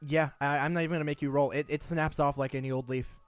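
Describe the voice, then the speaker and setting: A man's voice: on the high side, fairly even intonation, fast, smooth, dry recording. A man running a tabletop game as game master, describing scenes in a chatty, casually profane way with many restarts.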